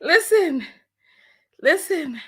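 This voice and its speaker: High-voiced woman laughing through a livestream. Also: sing-song, extremely slow, a bit bright. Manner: laughs often, exclaims "oh my Lord" and "have mercy". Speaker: livestream host. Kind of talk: casual livestream chat reading donations.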